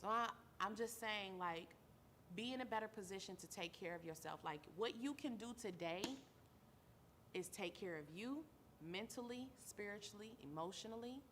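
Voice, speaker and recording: A weary woman host speaks earnestly to her listeners at a middle pitch, building her points through repetition. A faint hum of noise sits beneath her voice. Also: normal speed. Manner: earnest, repeats phrases for emphasis, calls listeners baby. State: tired. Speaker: show host; mother. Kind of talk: heartfelt talk-show monologue.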